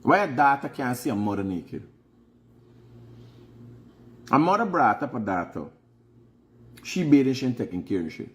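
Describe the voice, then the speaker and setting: A man's voice: mid-range voice, big pitch swings, moderate pace, long pauses. Frank Guyanese man giving life advice. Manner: frank, preachy, repeats phrases for emphasis. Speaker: host. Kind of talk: casual advice monologue.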